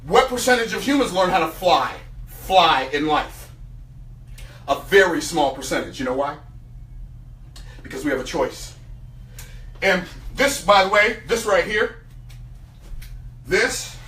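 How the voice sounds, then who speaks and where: A man giving a motivational seminar talk, an animated storyteller who throws rhetorical questions at his audience. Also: high voice. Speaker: motivational speaker. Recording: roomy hall, mic at a distance.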